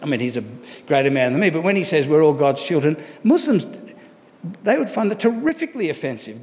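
A man's voice: on the high side, very animated, brisk, a little mellow, in a large hall. A man preaching a sermon as pastor, conversational and asking rhetorical questions of the congregation.

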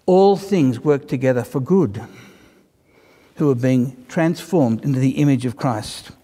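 A man's voice: medium pitch, measured pace, mellow. Storytelling male preacher in a reverberant hall. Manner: storytelling, conversational with wry asides. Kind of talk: sermon. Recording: long reverb of a large hall.

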